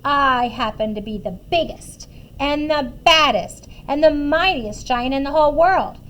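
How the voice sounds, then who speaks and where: A woman voicing a big bullying male giant who yells and boasts in a storybook reading, then whimpers before his mother. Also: sits high, lively intonation, unhurried, slight background noise. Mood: boastful.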